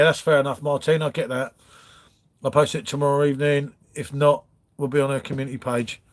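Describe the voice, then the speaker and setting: His voice runs on the high side with a fairly bright tone. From his front room, this livestream host chats casually, wandering through comments from viewers and addressing each one as mate.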